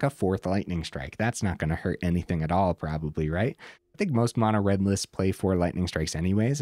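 Chill gamer guy rambling about his deck, lowish mellow voice, kinda hoarse, dry sound. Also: no echo. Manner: rambling, laid-back, full of fillers. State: slightly hoarse, losing his voice. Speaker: game channel host. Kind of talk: casual deck breakdown commentary.

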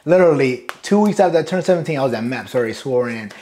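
A man with a mid-range, dark-toned voice talks fast and expressively. He's a Marine sergeant major from Brooklyn, New York, laughing often as he tells loose, profane boot camp stories in a casual interview.

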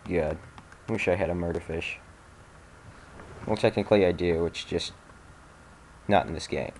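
A man's voice: deep voice, takes it slowly, pauses often, a little mellow, slight background noise. A young man giving casual commentary on a game he is playing, sarcastic and swearing, with sudden frustrated outbursts. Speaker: let's play gamer.

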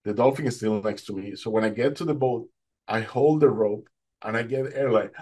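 A man giving a personal faith testimony, telling his story in an animated way and acting out what people said. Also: medium pitch, brisk, husky. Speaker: testimony speaker.

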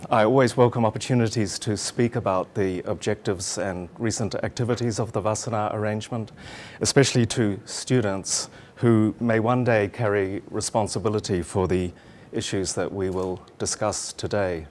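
A middle-aged man with a New Zealand accent giving a formal lecture to students, measured and steady with frequent um fillers. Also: fairly low pitch, a little hiss or hum. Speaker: guest lecturer.

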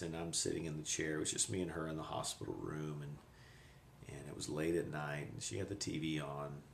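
Middle-aged man, very low gravelly voice, halting personal testimony, echoey camcorder audio. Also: a little hiss or hum. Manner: reflective, halting with pauses. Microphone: handheld camcorder.

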